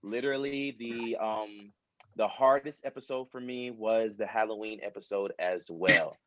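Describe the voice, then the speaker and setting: A man on a panel, chatting in an animated, storytelling way over a video call. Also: on the low side, unhurried, highs cut off. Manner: animated, storytelling, often says "literally". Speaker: actor on a fan convention panel. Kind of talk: casual panel chat.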